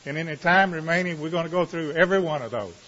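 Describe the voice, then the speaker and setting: A man preaching a sermon, reading scripture slowly with dramatic pauses before explaining it with dry asides. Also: a little high, fairly bright tone. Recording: muffled, reverberant hall sound.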